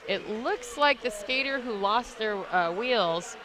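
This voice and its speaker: A woman's voice: on the high side, lively intonation, slow. Playful woman commentating roller derby. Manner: playful, joking, chatty. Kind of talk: live sports commentary. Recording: noisy arena broadcast feed.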